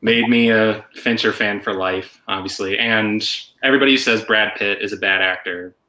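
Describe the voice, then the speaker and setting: A man's voice: fairly low pitch, steady tone, normal speed, sharp tone. A man in a casual chat speaking earnestly and emphatically about a film that changed his life. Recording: echoey room.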